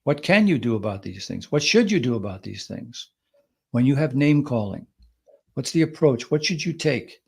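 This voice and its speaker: A man's voice: medium pitch, normal speed, gravelly, slightly rough. A man co-hosting a talk show, explaining and acting out examples of what people say. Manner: explanatory, lively acted quotes. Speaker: podcast co-host. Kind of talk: conversational advice talk.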